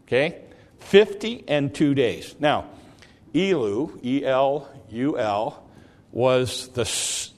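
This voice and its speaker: A man teaching a Bible study lesson, explaining in a halting way and often repeating words as he goes. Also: medium pitch. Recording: long reverb of a large hall.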